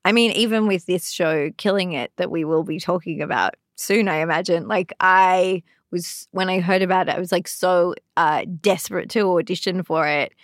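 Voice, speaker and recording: A woman's voice: fairly low pitch, moderate pace, hardly any pauses, no room sound, clean studio sound. A woman from Sydney with an Australian accent, chatting casually as a guest in an interview, laughing easily and filling her talk with "like". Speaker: actor, guest.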